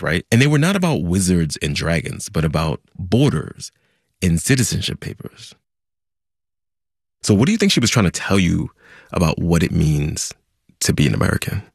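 A man's voice: sits low, very animated, normal speed, gravelly, husky, no echo. A man hosting a conversational news podcast, chatty and explanatory, recorded on a studio mic. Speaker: podcast host.

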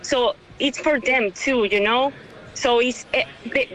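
A woman in her thirties from Venezuela, tearful and overwhelmed, answering an interview in halting bursts full of restarts and repeated words. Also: on the high side, a bit bright, rough recording. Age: 30s. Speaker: interview guest.

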